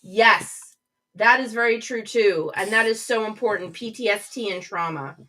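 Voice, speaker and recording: Woman, middle-aged, livestream host, bright forceful tone, chatty, gushing, home office. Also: mid-range voice, normal speed. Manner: gushing, chatty, reads out chat comments. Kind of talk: casual live chat with viewers.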